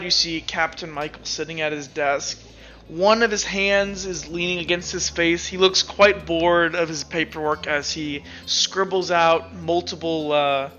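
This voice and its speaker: Male GM, bright tone, casual filler-heavy narration; dull lo-fi sound, music faint behind. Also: on the high side. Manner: loose, laughing narration with many fillers. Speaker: game master. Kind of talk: narrating a tabletop game.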